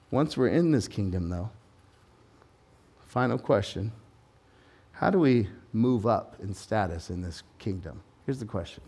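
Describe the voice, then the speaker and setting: Male pastor mid-sermon, mid-pitched voice, fervent bursts then quiet, chatty asides. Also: husky. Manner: impassioned, swings between loud urgent proclaiming and low conversational asides; informal, joking tangents with everyday examples. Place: church service.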